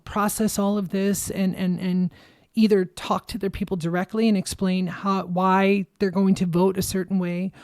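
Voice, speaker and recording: Podcast host, young woman: furious, emphatic monologue with plenty of swearing, trembling with anger; dark, gravelly tone. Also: mid-range voice, dry recording, clean studio sound. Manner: angry, emphatic, swears freely. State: shaking with anger. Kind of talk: impassioned political monologue.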